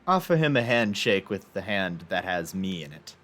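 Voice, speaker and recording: A man's voice: sits low, big pitch swings, normal speed, a bit bright. A man voicing a long-dead male wizard who speaks tersely from inside a crystal in a tabletop game. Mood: scheming.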